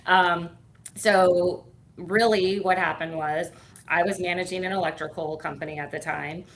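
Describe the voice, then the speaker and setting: A middle-aged woman with a low voice tells her story as an interview guest. She talks casually with plenty of fillers and slips into quoted dialogue. A faint noise sits under the recording. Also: steady tone, a little slow. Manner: chatty, many fillers, acts out quoted dialogue. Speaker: guest, firm owner and CEO.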